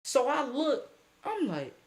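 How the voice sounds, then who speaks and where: A young man casually telling a story, animated, slangy and breaking into laughing asides. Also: extremely high pitch, takes it slowly.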